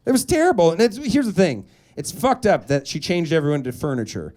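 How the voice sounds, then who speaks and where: Animated high-voiced male stand-up comic. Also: fairly quick, hardly any pauses. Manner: animated, jumps into high put-on voices for characters. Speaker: stand-up comedian. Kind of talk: stand-up comedy set. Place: comedy club stage. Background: audience laughter.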